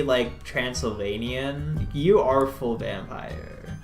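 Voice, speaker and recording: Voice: medium pitch, takes it slowly, few pauses, soft background music. A streamer giving casual, joking, sarcastic commentary while playing a cozy game. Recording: roomy echo.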